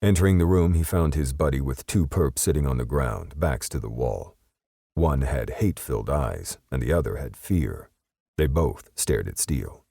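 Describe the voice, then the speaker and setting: A man's voice: a bass voice, vocal fry, dark tone, dry recording, clean studio sound. A man narrating an audiobook in a dramatic, scripted way.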